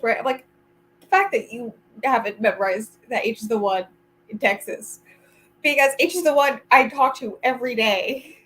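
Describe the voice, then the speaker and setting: A woman's voice: a little high, a bit bright, rough recording. A woman vlogger chatting casually to a friend during reading sprints, rambling and giggling often.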